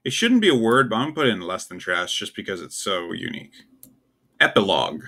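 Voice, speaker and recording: Young male host, low and gravelly, casual and wry, thinks out loud. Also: sing-song, fast talker. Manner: offhand, puzzled, wry asides. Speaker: tier list video host. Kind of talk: casual solo commentary.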